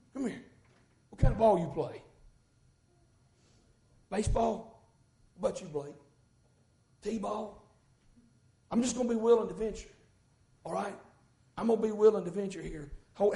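Male pastor, very high voice, folksy sermon with fervent peaks, echoey sanctuary. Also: moderate pace, vocal fry, long pauses. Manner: folksy, rising to fervent shouts. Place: church sanctuary. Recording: echoey church room.

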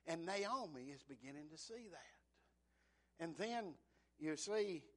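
A man's voice: a little high, lively intonation, slow, fairly bright tone. A man preaching a sermon, folksy and conversational, retelling scripture as dialogue and asking the congregation for an amen.

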